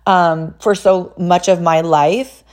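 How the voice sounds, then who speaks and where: Chatty woman from California, somewhat low voice, casual storyteller, lots of "like". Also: takes it slowly. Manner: chatty, frequent "like" fillers, animated retelling with quoted voices. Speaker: mother sharing personal stories.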